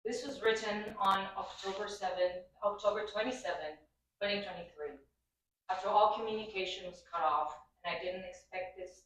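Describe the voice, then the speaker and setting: A woman reads a poem aloud at a benefit event, steady and solemn. Her voice is mid-pitched. It rings through a very echoey hall, caught from far off the mic. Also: moderate pace. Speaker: poetry reader.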